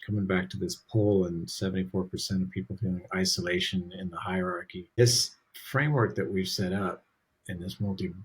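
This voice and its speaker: A man's voice: sits low, steady tone, brisk, slightly rough. A middle-aged man, a dog trainer and podcast guest, talking in an earnest, reflective and candid way in casual conversation.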